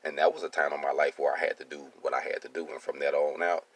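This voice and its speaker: A man's voice: extremely low pitch, fairly even intonation, quick pace. A man in his thirties, a welding business owner, tells his life story in a streetwise, casual monologue and keeps asking "you see what I'm saying.".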